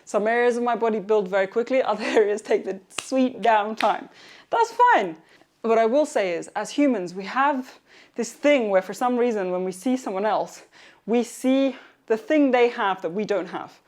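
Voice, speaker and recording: A woman's voice: fairly high pitch, normal speed, a little mellow. A young woman fitness vlogger chats through her home workout, upbeat and encouraging. She teases herself lightly and talks to her viewers like friends. Part of the session is recorded outdoors. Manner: chatty, upbeat, encouraging, self-teasing. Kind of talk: casual motivational workout vlog.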